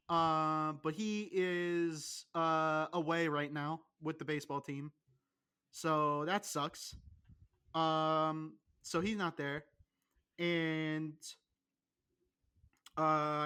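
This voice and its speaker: Young man, podcast host, high voice, bright and forceful, swears a lot, rambles. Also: clean tone. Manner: profane, rambling, excitable. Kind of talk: casual podcast banter.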